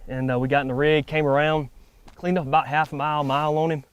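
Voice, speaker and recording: A man's voice: fairly high pitch, quick pace, clear, resonant tone. Breathless man recapping a hunt. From Georgia, USA. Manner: animated, breathless storytelling. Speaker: hunter and show host. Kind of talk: excited outdoor recap. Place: outdoors on a mountain rim.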